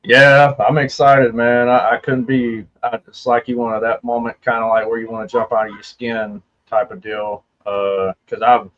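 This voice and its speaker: A man's voice: medium pitch, level tone, normal speed, hardly any pauses, fairly bright tone, lo-fi sound, slight background noise. A man joining a livestream chat as a guest, humble and hesitant, with many fillers.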